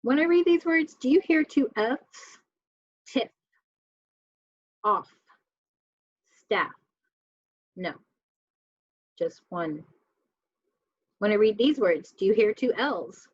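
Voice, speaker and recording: A woman's voice: on the high side, very animated, darkish tone, no echo, highs cut off. A woman teacher giving a spelling lesson to children, reading words aloud one by one and asking the class questions. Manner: slow, clear word-by-word reading with questions to students.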